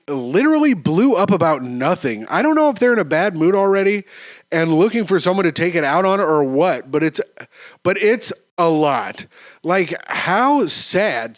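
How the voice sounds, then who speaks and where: A man in his thirties hosting a solo podcast, riffing on listener stories in an animated, profane way with sudden sing-song jumps, his voice going a bit hoarse. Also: fairly high pitch, no echo, clean studio sound. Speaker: podcast host.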